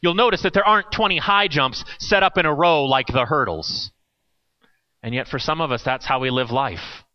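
A man's voice: on the high side, normal speed, highs cut off. A man preaching a sermon in a conversational way, with playful asides.

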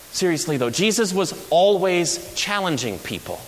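A man preaching a sermon as pastor, telling stories with humor and energy. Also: high voice. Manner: animated storytelling with humor. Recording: echoey hall with faint hiss.

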